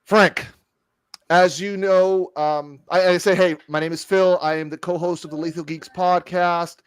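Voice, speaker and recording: Podcast co-host guy, fairly high voice, dry sound, gets worked up telling stories. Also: unhurried, smooth, dry recording. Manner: excited storytelling, swears freely. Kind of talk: casual chat.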